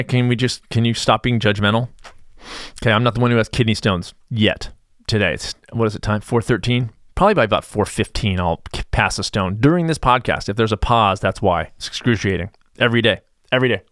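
A man's voice: on the low side, fairly bright tone, no echo, studio quality. Sarcastic, rambling male podcast host. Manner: rambling, sarcastic, self-interrupting. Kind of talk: casual podcast monologue.

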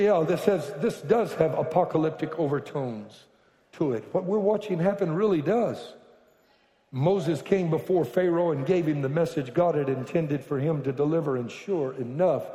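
A man preaching a sermon as pastor, telling stories with joking asides that build to loud bursts. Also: on the high side. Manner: animated storytelling with joking asides, bursts to shouting. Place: church sanctuary. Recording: echoey reverberant hall.

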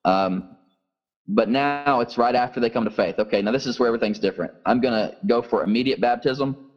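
A man's voice: medium pitch, fairly quick, lo-fi sound. A man, a pastor, telling a first-person story in an earnest way during an interview.

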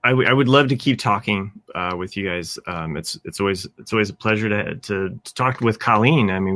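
A man with a low, bright voice co-hosts a podcast and talks in a halting, hesitant way. The sound is close and dry, with a bright edge. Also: dry recording. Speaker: podcast co-host. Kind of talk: casual podcast chat.

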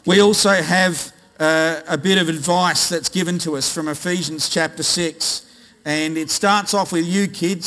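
Australian male pastor, bright high voice, playful with the congregation, sermon in a long-echo hall. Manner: jokey, quizzes the congregation. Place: large church hall. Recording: reverberant church hall.

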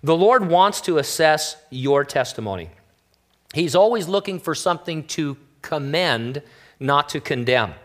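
A man, a pastor, preaching a sermon in a relaxed, conversational way with wry, joking asides. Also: a little high, measured pace.

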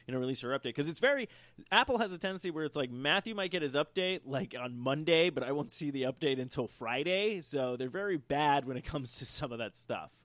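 A man's voice: fairly high pitch, expressive, a little fast, a bit bright, dry recording. A man co-hosting a podcast, ranting angrily and swearing constantly, mimicking others in sarcastic voices. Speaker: podcast co-host. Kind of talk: profane ranting podcast chat.

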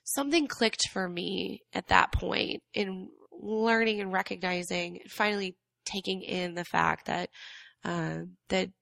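A woman's voice: medium pitch, measured pace, creaky, fairly bright tone, dry recording. A young adult woman telling her story reflectively in a casual podcast chat, her voice cracking from allergies. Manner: reflective, earnest storytelling with many fillers. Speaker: guest. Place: Atlanta.

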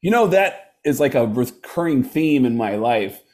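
A man, a guest comedian, telling casual stories with lots of quick voices and laughs. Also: medium pitch. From United States. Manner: animated, does quick voices mid-story, laughs through anecdotes. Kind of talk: casual storytelling.

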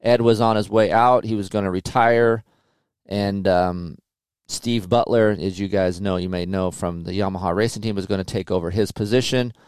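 A man's voice: fairly low pitch, fairly even intonation, moderate pace, a little mellow, clear, resonant tone, no room sound, clean studio sound. A middle-aged man, a motorcycle test rider, telling stories in a loose, casual way with lots of fillers and swearing. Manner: loose, profane, filler-heavy storytelling. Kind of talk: casual storytelling interview.

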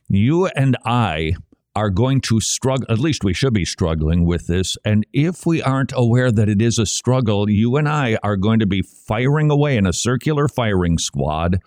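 A man delivers religious commentary as a co-host, his pitch swinging widely as he presses his points. His delivery is emphatic and rhetorical, like a preacher, and the recording is dry and close with no room sound. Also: a little mellow, no echo.

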